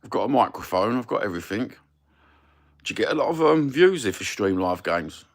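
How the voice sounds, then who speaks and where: This middle-aged Londoner has a Cockney accent and a fairly low, sing-song voice at a moderate pace. Chatting casually as a livestream host, he rambles with cheek and swears openly.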